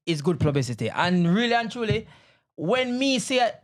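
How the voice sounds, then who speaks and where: A man's voice: high-pitched, sing-song, normal speed. A man with a Jamaican accent, a podcast guest chatting casually in patois-flavored speech. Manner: Jamaican-patois phrasing, acts out street characters animatedly.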